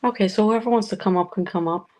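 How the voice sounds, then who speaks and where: A woman's voice: medium pitch, fast, mellow, rough recording. A woman hosting a loose, rambling livestream chat from her home, talking casually with viewers and swearing freely. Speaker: livestream host. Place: home room with a noisy fish tank.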